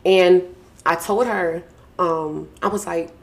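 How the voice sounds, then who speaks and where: A young adult woman hosting a podcast from a small home studio, talking in a casual, effusive, slangy way and warmly thanking the people close to her. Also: on the low side, steady tone, slow. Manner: warm, effusive, slangy, repeats thank-yous. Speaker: podcast host. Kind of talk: casual heartfelt podcast talk. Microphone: podcast mic with mixing board.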